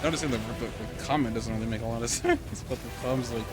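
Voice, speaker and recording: A man chatting casually while playing a game on stream, excitable and easily distracted, often apologizing. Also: medium pitch, fast talker, over loud music. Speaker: gamer streaming gameplay. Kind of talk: casual chat while gaming.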